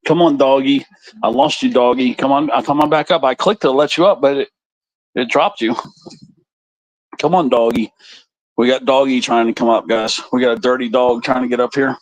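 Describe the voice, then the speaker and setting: A man's voice: medium pitch, steady tone, normal speed, dry recording, low-quality recording. A man hosting a live stream, chatting casually and crudely to his viewers in a rambling way. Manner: rambling, crude, talks straight to the chat.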